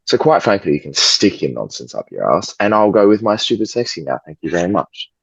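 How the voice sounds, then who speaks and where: A man co-hosts a football podcast in casual banter, cheeky and mock-pompous, and swears freely. His voice sits very low and has a husky grain. The recording is dull and lo-fi on a home mic, with a dry sound. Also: very animated, a little fast, no echo. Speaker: podcast co-host.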